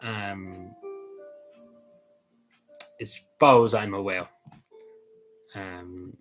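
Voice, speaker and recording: A man's voice: deep voice, fairly even intonation, drawn-out words, a bit bright, rough recording. Rambling Irish man streaming with faint music. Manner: rambling, many ums and apologies. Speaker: livestream host. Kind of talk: casual livestream chat.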